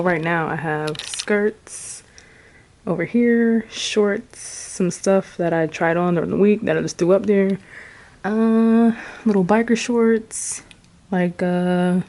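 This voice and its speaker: A young woman chats casually from her bedroom, winded and breathing heavily between phrases. She drifts along slowly, filling gaps with ums and likes. Faint clicks sit under her voice. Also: medium pitch, dark tone, a little hiss or hum. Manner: chatty, rambling, with many fillers. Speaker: vlogger. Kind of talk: casual chat.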